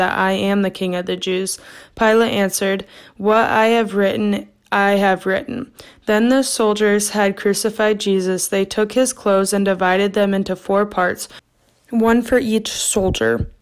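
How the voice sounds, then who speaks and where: Woman lector, soft steady scripture reading, mid-range voice. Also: mid-range voice, clean tone. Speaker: scripture reader. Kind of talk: reading the Passion aloud in church.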